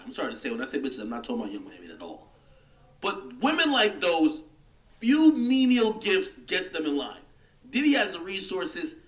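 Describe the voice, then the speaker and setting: A man's voice: fairly high pitch, a bit bright, echoey room, recorded from a distance. A man hosting a livestream, delivering a heated, mocking rant in casual commentary. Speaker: livestream host.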